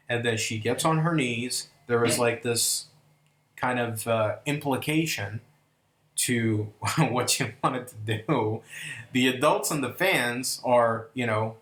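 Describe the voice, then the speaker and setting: A man's voice: medium pitch, fairly bright tone. A man reviewing an old wrestling event, talking casually and enthusiastically, with many fillers and restarts. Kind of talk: casual video review commentary. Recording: echoey room.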